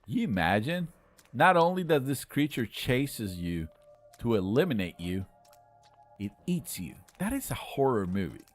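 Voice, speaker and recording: A man hosting a live game stream, chatting playfully with viewers and bursting into loud exclamations. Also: mid-range voice, big pitch swings, a little slow, soft background music. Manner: argues jokingly with chat. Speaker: livestream host playing a game with viewers. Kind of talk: live gaming commentary.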